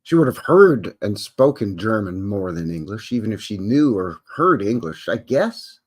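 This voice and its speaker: A man's voice: fairly low pitch, big pitch swings, moderate pace, a little mellow. A man hosting a live stream, reading an article aloud and breaking off into casual, rambling asides full of fillers. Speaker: host. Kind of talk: reading aloud and commenting on a livestream.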